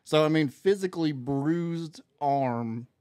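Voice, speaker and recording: Speaking slowly in a clean, somewhat high voice, a man chats casually as a podcast guest, animatedly telling a story and acting out the quoted dialogue. The recording is dry with clean studio sound.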